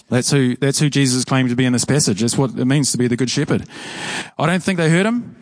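A man's voice: mid-range voice, fast talker, no echo. A man preaching a sermon in a church in a conversational way, often repeating phrases for emphasis. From New Zealand. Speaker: pastor.

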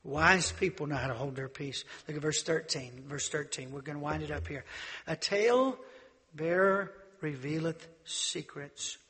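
A man preaching a sermon as pastor, swinging from loud exhortation to low asides and acting out Bible characters in quick dialogue. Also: slightly rough, big-room sound.

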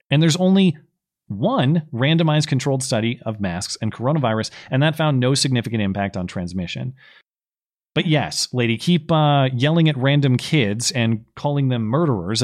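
A man co-hosting a podcast, giving sarcastic, argumentative political commentary. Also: medium pitch. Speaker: podcast co-host.

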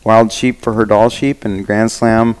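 A man's voice: lowish voice, little pitch movement, unhurried, smooth, rough recording. A middle-aged man on a podcast, telling trip anecdotes in an easygoing way. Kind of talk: casual chat.

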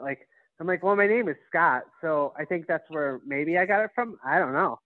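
A jokey man co-hosts a casual podcast. His voice sits fairly high. It comes through a narrow, phone-like line. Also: moderate pace, no echo. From Wisconsin. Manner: jokey, chatty. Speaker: podcast co-host. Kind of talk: casual chat.

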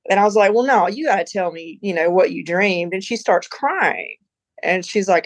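A woman's voice: mid-range voice, expressive, normal speed, no room sound, rough recording. A woman on a podcast as a guest, telling a personal story in a chatty, rambling way with lots of "you know" and "like". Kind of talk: casual storytelling.

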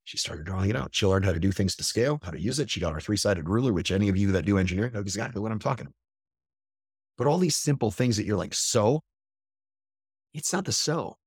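A man hosting a podcast in a casual monologue to his camera, blunt and profane, animated and emphatic. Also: on the low side, fast, breathy edge, no room sound, clean studio sound. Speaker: podcast host. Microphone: computer camera at a desk.

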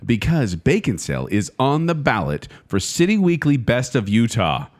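Very animated male podcast host. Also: medium pitch, moderate pace. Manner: upbeat, announcing segments and asks. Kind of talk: casual podcast chat.

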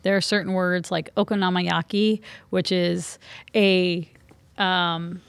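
A woman's voice: on the low side, little pitch movement, slow pace, gravelly, clear, resonant tone, dry recording. A woman co-hosting a podcast, chatting casually and explaining things with a few restarts. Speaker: podcast co-host. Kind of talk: casual chat.

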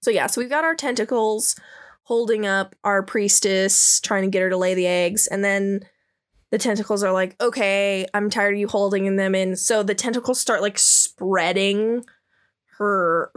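A woman's voice: mid-range voice, normal speed. A woman podcast host chatting casually through a comic, giggly and full of fillers. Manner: giggly, lots of "like". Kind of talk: casual chat describing a comic.

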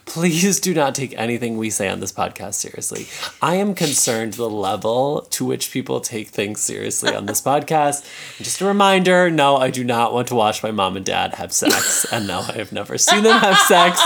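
Low-voiced joking woman podcaster. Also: big pitch swings, vocal fry, fairly bright tone. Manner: joking, quick to laugh. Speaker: podcast co-host. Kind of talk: casual comedic chat.

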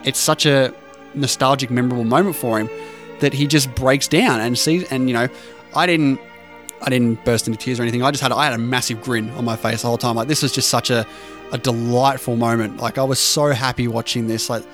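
A man's voice: medium pitch, fairly even intonation, fairly quick, a bit bright, soft background music. A man co-hosting a podcast who explains film scenes at length in a rambling, chatty way. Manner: explanatory, rambling, fond of trivia. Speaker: podcast co-host. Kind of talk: casual film discussion.

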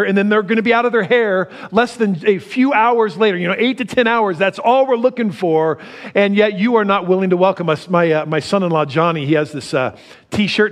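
A middle-aged man preaching a sermon, animated, laughing often and swinging from loud to soft. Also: sits high. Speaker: pastor.

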